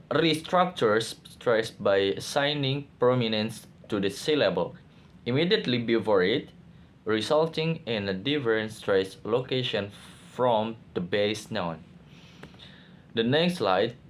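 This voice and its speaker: A man presenting a class project, reading each slide aloud at a very unhurried pace. His delivery is careful and a little halting, with occasional restarts. His voice sits at an ordinary pitch for a man. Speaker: student presenter.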